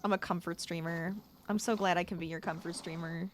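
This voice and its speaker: Chatty and addressing her chat, a young woman gets exasperated as she plays on a casual gameplay livestream. She speaks briskly in a fairly low, steady voice.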